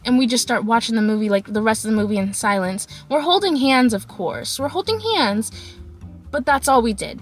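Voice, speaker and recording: A young woman tells a storytime vlog in a high, lively voice. She laughs often and acts out quotes in squeaky put-on voices. Faint music plays behind her. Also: fairly quick. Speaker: vlogger.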